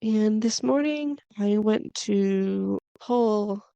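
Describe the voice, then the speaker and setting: A woman's voice: medium pitch, extremely slow, gravelly, dark tone, clear, resonant tone, no room sound, highs cut off. A woman hosting a podcast about spirituality, telling her story in a chatty, meandering way with lots of "like" and "kinda". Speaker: podcast host. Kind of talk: casual spiritual podcast monologue.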